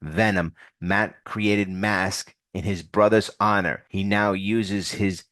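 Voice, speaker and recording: Deep-voiced man narrating a comic recap. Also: fairly even intonation, slow, a bit bright, no room sound. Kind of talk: reading a comic story recap.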